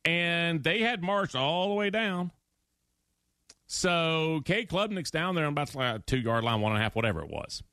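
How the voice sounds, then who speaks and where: Recorded dry and clean in a studio, a sports radio host with a smooth, highish voice speaks at normal speed. His opinionated monologue features animated, emphatic storytelling and acted-out quotes.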